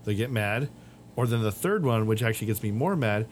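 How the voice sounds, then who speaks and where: A man's voice: fairly low pitch, lively intonation, fairly quick, slight background noise. A man on a podcast, chatting casually and telling rambling stories, acting out what people said. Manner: rambling storyteller, acts out quotes. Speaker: podcast co-host. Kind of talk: casual chat.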